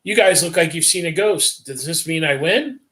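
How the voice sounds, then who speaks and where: An eager teenage boy who loves conspiracy tales and blurts them out, as a man reading aloud puts him on. The voice is bright and pressed, pitched fairly high. It is read aloud on a livestream. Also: expressive, moderate pace, roomy sound.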